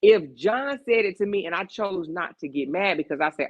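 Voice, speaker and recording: A woman's voice: fairly low pitch, animated, normal speed, few pauses. Emphatic woman giving life advice, dull lo-fi sound. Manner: emphatic, preachy life advice with rhetorical questions. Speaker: podcast host. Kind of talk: casual heart-to-heart chat.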